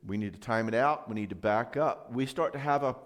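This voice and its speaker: A middle-aged man gives a marriage seminar talk to a live audience. He tells stories in a lively way and acts out both sides of a couple's quarrel. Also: mid-range voice, fairly quick.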